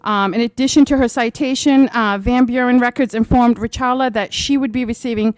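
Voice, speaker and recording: A woman chairing a public school meeting, speaking earnestly with frequent filler pauses. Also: a little high, fairly even intonation, no echo.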